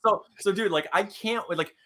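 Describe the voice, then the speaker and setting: A young man co-hosting a live comics stream, rambling and excitable, laughing often. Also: sits high, moderate pace. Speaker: co-host of a comics show.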